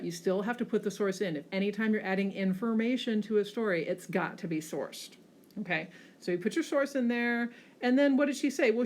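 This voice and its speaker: Woman teacher, lively "okay?" tags. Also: medium pitch. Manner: frequent checking "okay?" tags, lively emphasis. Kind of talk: classroom lecture on slides.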